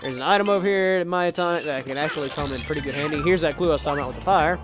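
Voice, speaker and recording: A man's voice: fairly high pitch, very fast. A young man from Mississippi with a Southern US accent, casually commenting on a video game in a rambling, self-deprecating way. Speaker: let's play host. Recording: game music under the voice.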